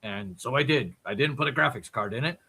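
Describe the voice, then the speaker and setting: A man chatting casually as a podcast guest, putting on a gruff dwarven brogue and swearing freely, with a raspy voice. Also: medium pitch, expressive, a little fast, pushed and bright.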